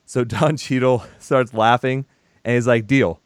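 A man's voice: medium pitch, steady tone, a little slow, no echo, studio quality. A man recapping a film in casual chat, animatedly acting out the characters' lines. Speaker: podcast co-host.

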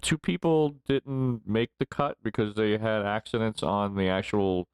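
Man, forties, low smooth voice, rambling storyteller, dry close sound. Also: steady tone, a little slow, no room sound. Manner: rambling, laughs often while telling stories. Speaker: guest. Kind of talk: casual storytelling interview.

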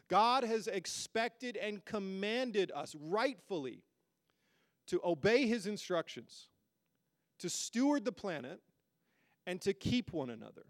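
A man's voice: sits high, big pitch swings, slow pace, no room sound, clean studio sound. A man preaching a sermon as pastor to a congregation, emphatic and full of rhetorical questions. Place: church hall with a congregation.

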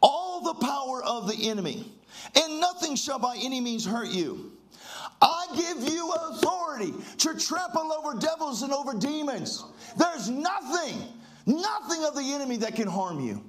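A man's voice: very high voice, big pitch swings, moderate pace. A pastor preaching a fervent sermon, full of exclamations and leading his congregation in call-and-response.

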